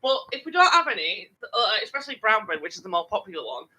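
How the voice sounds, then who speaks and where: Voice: medium pitch, sing-song, fast, pushed and bright, husky, low-quality recording. A podcast co-host telling a work story in casual, sweary chat and mimicking customers.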